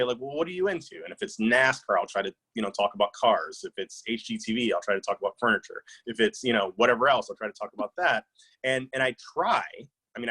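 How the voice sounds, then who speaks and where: Reflective man with a low voice. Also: fairly bright tone, husky, low-quality recording. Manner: reflective, anecdotal, many fillers and restarts. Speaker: author being interviewed. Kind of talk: conversational interview answers.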